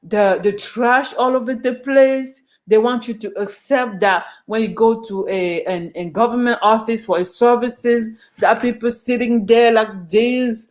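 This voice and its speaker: A woman's voice: a little high, fairly even intonation, unhurried, few pauses. A woman talks straight to her camera in a casual vlog. She is earnest and fired up, and she keeps circling back and restarting her phrases as she works out what she means. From Ghana. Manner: earnest and passionate, with frequent restarts. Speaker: vlogger. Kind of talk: casual opinion monologue to camera.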